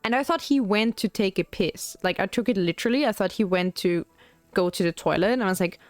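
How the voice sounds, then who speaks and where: A woman's voice: mid-range voice, brisk, no room sound, soft background music. Chatty young woman, dry close sound. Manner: rambling and chatty, heavy on "like" fillers. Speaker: VTuber streamer. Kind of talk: casual chat while painting miniatures.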